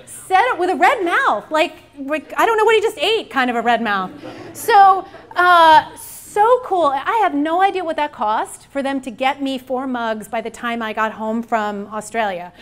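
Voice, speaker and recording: A woman with a high, bright-sounding voice delivers a conference keynote. She tells stories in an animated, joking manner. The delivery is lively and playful. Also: measured pace. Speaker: keynote speaker. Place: conference hall.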